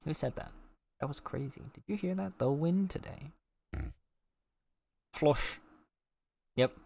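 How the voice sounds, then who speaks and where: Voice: mid-range voice, slow pace, gravelly, a little mellow, husky. A game streamer chatting casually with viewers while playing, playful and teasing. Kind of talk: casual live-stream chat while gaming.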